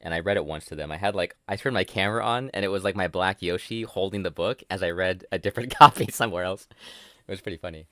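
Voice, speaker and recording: A man's voice: deep voice, fast talker, a bit bright, dry recording, studio quality. A man hosting a casual commentary chat who rambles, swears freely and mocks himself. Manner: rambling, swears a lot, self-mocking. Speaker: host.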